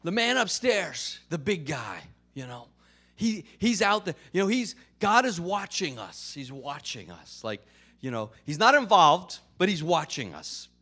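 A man preaches a conversational sermon, peppering it with casual fillers and jokes. His slightly high voice rises and falls with lively, animated swings. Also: unhurried. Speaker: pastor.

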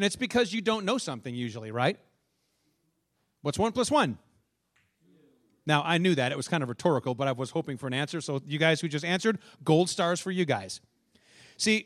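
A man's voice: sits high, a bit bright. A male pastor from the northern United States preaching a sermon in church, telling stories and asking the congregation questions.

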